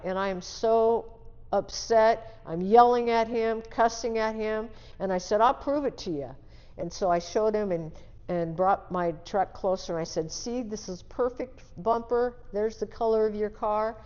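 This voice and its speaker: A woman's voice: mid-range voice, moderate pace, a little mellow, in a large hall, highs cut off. An older woman, an interview guest, telling her life story and acting out the dialogue in it as she talks. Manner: vivid storyteller who acts out quoted dialogue; restarts and trails off mid-sentence.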